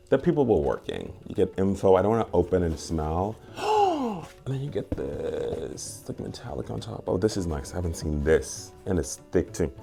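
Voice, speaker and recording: Man, very low voice, lively swoops, playful unboxing chatter, faint music underneath. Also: vocal fry. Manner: playful, gushing, sudden high squeals. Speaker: candle and perfume reviewer. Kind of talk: casual unboxing vlog.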